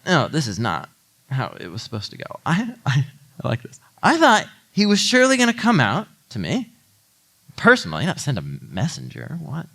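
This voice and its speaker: A man's voice: medium pitch, wildly swooping pitch, fairly quick, hardly any pauses, fairly bright tone. A man voicing an indignant foreign army commander, proud and scornful, in an exasperated, mocking retelling.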